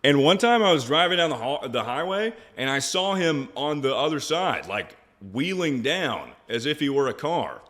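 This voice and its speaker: A man's voice: a little high, very animated, normal speed, hardly any pauses, fairly bright tone. A young man streaming live, chatting casually in a rambling, crude way and laughing often.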